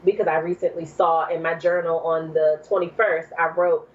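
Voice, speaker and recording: A woman, a mother in her thirties or forties, telling a personal story as a guest, leaping to high exclaims when she quotes herself. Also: little pitch movement, moderate pace, far from the mic. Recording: dull lo-fi recording.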